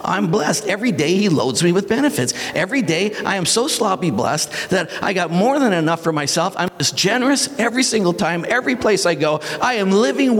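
A male pastor delivers a lively sermon with big swings in pitch, breaking into shouted, acted-out quotes. His voice sits a little high for a man. The hall around him gives a long, trailing reverb. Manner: animated, acts out dramatic voices and shouts.

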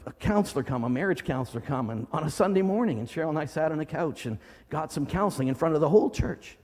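In a church hall, a male pastor preaches a dramatic sermon, swinging between loud cries and low murmurs. His delivery is expressive and brisk.

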